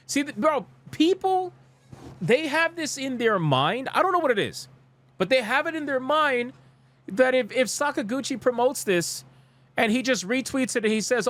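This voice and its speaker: A man's voice: very high voice, expressive, moderate pace, a bit bright, dry recording. A young man streaming live, reacting to gaming news and reading comments aloud in a blunt, exasperated, profane rant.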